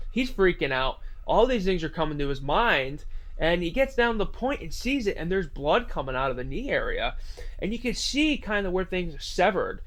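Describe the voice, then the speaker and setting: A man's voice: sits high, big pitch swings, fairly quick, fairly bright tone. A man telling a scary story in a casual, rambling way, full of fillers. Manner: rambling, filler-heavy retelling.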